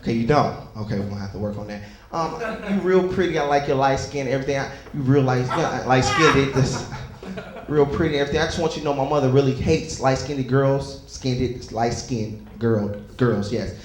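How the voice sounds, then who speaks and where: A man's voice: medium pitch, a little fast. A young man doing a stand-up comedy set, loose and conversational, chatting with the crowd between stories. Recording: echoey comedy club.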